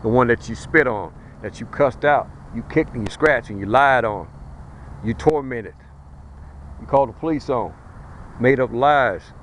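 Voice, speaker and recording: A man delivers a fiery street sermon outdoors, talking in a blunt, colloquial and emphatic way as he warns his listeners. His voice sits at an ordinary middle pitch for a man. A faint hiss of traffic noise runs under him. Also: measured pace, low-quality recording. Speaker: street preacher.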